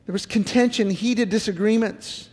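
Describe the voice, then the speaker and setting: A man's voice: high-pitched, steady tone, normal speed, darkish tone, in a large hall. A middle-aged male pastor giving an earnest sermon, full of repeated pleading questions. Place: church sanctuary.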